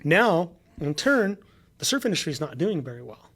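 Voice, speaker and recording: A man's voice: a little high, moderate pace, slightly rough. A man on a podcast, a guest telling stories in casual chat, acting out what people said to him. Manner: animated storyteller, acts out quotes.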